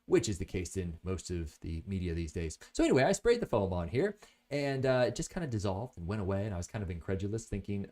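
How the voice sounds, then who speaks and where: A man's voice: low-pitched, very animated, fast talker, darkish tone. Chatty joking man reviewing products.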